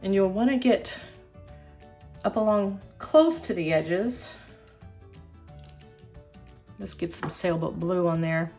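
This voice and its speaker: A woman's voice: fairly low pitch, slow, long pauses, darkish tone, faint music behind. Chatty older woman teaching a craft. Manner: chatty, self-deprecating, encouraging. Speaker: craft channel host. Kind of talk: casual craft tutorial.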